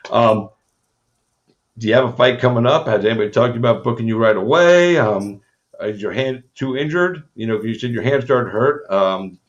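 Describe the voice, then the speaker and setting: A man's voice: mid-range voice, normal speed, lo-fi sound. A man hosting a casual interview, blunt and profane, joking as he gives advice. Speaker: podcast host.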